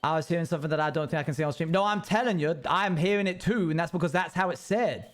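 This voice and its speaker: Man, live game streamer, mock-annoyed banter, somewhat high-pitched, chatty. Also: fast talker. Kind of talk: live gameplay commentary, chatting with viewers.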